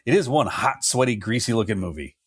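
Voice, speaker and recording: A man's voice: mid-range voice, expressive, a little fast, no room sound. A man co-hosting a casual movie podcast, joking and reading critics' reviews aloud with wry asides. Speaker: podcast co-host.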